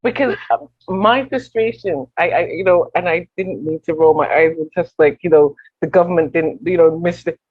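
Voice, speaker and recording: A woman guest with a husky voice in a round-table discussion, passionate and full of quick restarts. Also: fairly low pitch, phone-quality sound. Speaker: wellness program organizer, guest.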